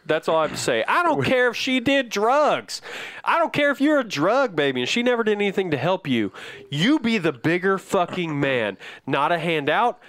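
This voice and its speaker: A man's voice: high voice, a bit bright, no room sound. A man co-hosting a podcast, ranting hard with constant swearing. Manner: profane ranting, fired up. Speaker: podcast co-host. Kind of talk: casual podcast chat. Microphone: headphones, podcast mic.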